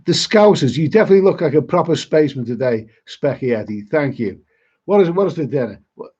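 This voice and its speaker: A man's voice: fairly high pitch, expressive, fast talker, a little mellow, husky. A middle-aged man, chatting casually on a live stream as a travel vlogger, rambling and repeating his words. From Liverpool, England. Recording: dull lo-fi stream audio.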